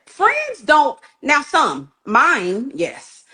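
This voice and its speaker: A woman's voice: a little high, expressive, normal speed, sharp tone. A woman talking candidly about her own flaws in marriage, frank, emphatic and self-mocking. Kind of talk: candid confessional talk.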